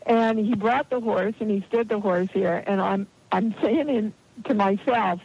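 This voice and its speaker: A woman's voice: a little high, measured pace, a little hiss or hum. Woman telling a story over a dull line. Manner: animated anecdotal storytelling, quotes voices, laughs easily. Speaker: guest, healer. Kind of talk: storytelling in an interview.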